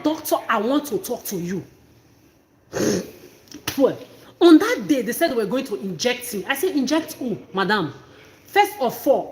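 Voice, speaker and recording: A woman's voice: on the high side, slight background noise. A woman talking straight to her viewers in an impassioned, emphatic monologue, often repeating herself. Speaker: vlogger. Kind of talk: emotional personal monologue to camera.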